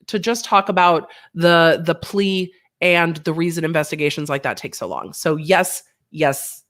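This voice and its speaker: A woman hosting a casual livestream, chatty and reading viewer comments aloud, a bit unwell with a sinus infection. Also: mid-range voice. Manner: chatty, animated, reads chat aloud. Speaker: livestream host.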